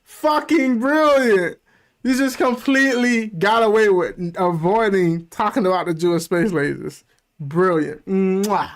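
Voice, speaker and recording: A man's voice: sits high, unhurried. A man hosting a reaction video, commenting casually and animatedly with frequent swearing. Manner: animated, profane, laughing asides.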